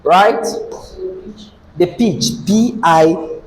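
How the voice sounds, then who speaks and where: Male teacher, high voice, slow and deliberate, faint hiss behind. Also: expressive, low-quality recording. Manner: asks the class questions, repeats key phrases. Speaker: English teacher. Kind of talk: classroom lesson.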